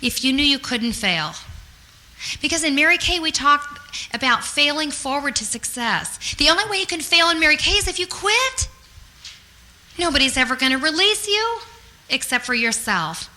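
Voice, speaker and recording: High, bright-voiced woman coaching with energy. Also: big pitch swings, normal speed, rough recording. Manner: upbeat, earnest, encouraging. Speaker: sales trainer. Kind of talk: motivational sales training talk.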